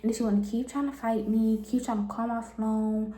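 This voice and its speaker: A young woman in her twenties from Cleveland tells a story with blunt, animated energy. Her voice is warm and mellow, and it carries a noticeable room echo. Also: on the high side, brisk. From Cleveland, Ohio, US. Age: 20s. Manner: blunt, animated retelling with frank language. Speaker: vlogger. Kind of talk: casual storytime. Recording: echoey room.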